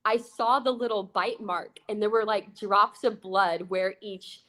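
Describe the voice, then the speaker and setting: A young woman, an aquarist, telling a funny work story in a bubbly, excitable, casual way with plenty of fillers. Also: mid-range voice, measured pace. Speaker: aquarist guest.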